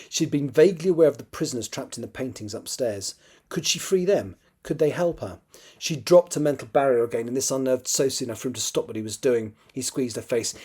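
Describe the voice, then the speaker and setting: A man with a husky, mellow voice reads his own novel draft aloud. He tells the story in a steady, even way and stops now and then to fix a misread word. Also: mid-range voice. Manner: steady storytelling read with occasional self-corrections. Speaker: author.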